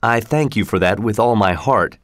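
A man's voice: lowish voice, normal speed, fairly bright tone, no room sound, studio quality, natural voice. A man reading as Miles Hendon, earnest soldier. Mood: grateful.

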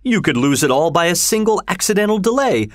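A man voicing a cautious Victorian gentleman who exclaims in disbelief. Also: sits high, sing-song, fast, no room sound, studio quality, pitched above the performer's own voice. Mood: incredulous. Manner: incredulous, exclaiming.

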